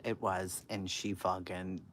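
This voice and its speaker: Animated, swearing woman telling stories. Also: very deep voice, slow, background noise. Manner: animated, profane, laughs often, swings from loud to hushed. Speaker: livestream host. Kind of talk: casual storytelling to a live chat.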